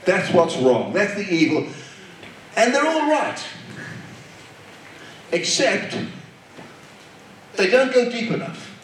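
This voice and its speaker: Guy preaching a sermon, slow and emphatic, voice swings up and down a lot, heard from a distance in a really echoey hall. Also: high-pitched, sing-song, slight background noise. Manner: emphatic, repetitive preaching cadence.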